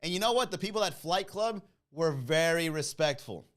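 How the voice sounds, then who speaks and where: A man hosting a comedy podcast, telling a story in a casual, animated way, acting out the people in it and laughing at his own jokes. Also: normal speed. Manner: animated, acts out quoted voices with big pitch jumps.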